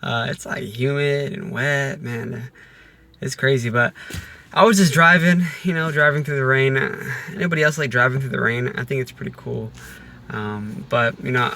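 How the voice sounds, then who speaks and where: A man's voice: mid-range voice, sharp tone. A man talking casually in a vlog, rambling with lots of fillers and restarts, recorded in his car on a rainy day. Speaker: vlogger.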